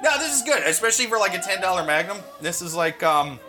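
A man with a high voice rambles through a loose comedy podcast chat, laughing between jokes. Music plays clearly under his voice. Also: sing-song, fast talker. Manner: rambling, joking, laughs often.

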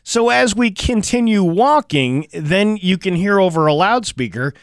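A man casually telling a personal anecdote on a talk show, animated and acting out what people said. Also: sits high, measured pace, clean tone, no echo, studio quality. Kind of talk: casual chat.

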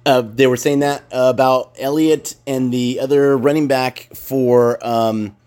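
A man's voice: medium pitch, fairly even intonation, measured pace, a little mellow, clean tone. A man in casual podcast chat, rambling and emphatic, swearing freely as he makes his points.

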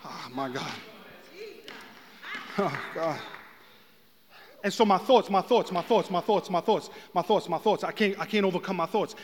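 A man preaching a sermon as pastor, swinging from hushed talk to shouted passages. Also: high voice, fairly quick, few pauses, a little hiss or hum. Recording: long hall reverb.

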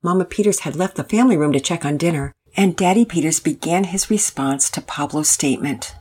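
Husky woman reading a storybook. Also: low-pitched, fairly quick, darkish tone. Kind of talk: scripted storybook narration.

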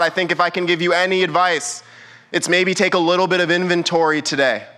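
A man's voice: high voice, steady tone, brisk, sharp tone. A young man, a youth pastor, preaching a sermon in church with emphatic, repeated rhetorical questions.

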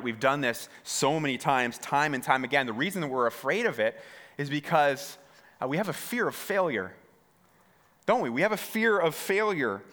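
A man's voice: medium pitch, bright, forceful tone, big-room sound. A man preaching a sermon to his congregation. He often restarts his words and asks the listeners direct questions. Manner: repeats words, stammering restarts; talks straight to the congregation with questions. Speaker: pastor. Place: church hall.

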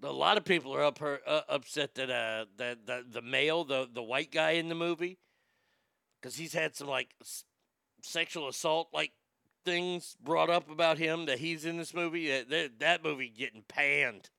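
A man's voice: a little high, normal speed, vocal fry, sharp tone, smooth, dry recording, clean studio sound. A man ranting casually about movies, profane and rambling, reading out viewer comments as he goes.

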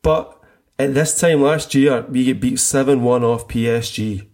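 A man's voice: medium pitch, a little slow, a little mellow. A middle-aged man co-hosting a casual football chat, enthusiastic and rambling, often restarting his sentences. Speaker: podcast co-host.

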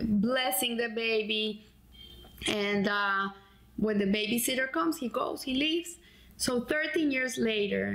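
A woman's voice: medium pitch, a bit bright, rough recording. A woman giving a weekly Torah portion lesson and telling a story in an earnest, heartfelt way. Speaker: Torah teacher.

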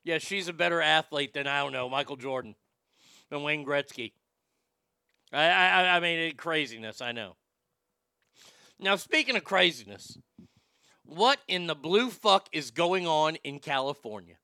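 A man's voice: fairly high pitch, lively intonation, unhurried, creaky, pauses often, sharp tone, smooth, dry recording, clean studio sound. A man hosting a talk show, brash and profane, riffing on clips and reading chat, often stammering into restarts. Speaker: show host. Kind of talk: casual commentary reading chat.

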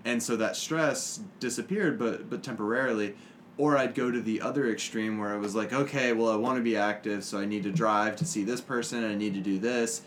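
A man, a teacher co-hosting a podcast, talking things through in a relaxed, reflective way. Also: fairly low pitch, fairly quick, slight background noise. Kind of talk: casual chat.

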